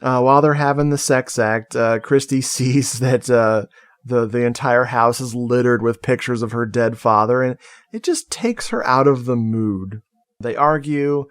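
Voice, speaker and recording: A man's voice: medium pitch, unhurried, clear, resonant tone, dry recording. A man co-hosting a podcast, recapping a horror film in casual chat and laughing at his own jokes. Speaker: podcast co-host.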